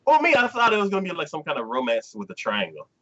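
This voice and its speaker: Animated man recapping an anime episode. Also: fairly high pitch, fast talker, highs cut off. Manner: animated storyteller who acts out scenes. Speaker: co-host. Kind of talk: casual anime discussion.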